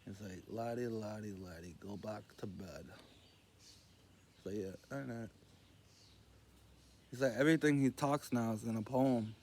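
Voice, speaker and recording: A man rambles through a string of loose, meandering jokes in a slow, unhurried drawl. His voice sits low, and he drops quieter as he quotes the people in his stories. A faint hiss of background noise runs under the recording. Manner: meandering, loose, quoting others in a low murmur. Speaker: vlogger telling jokes. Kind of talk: rambling casual storytelling.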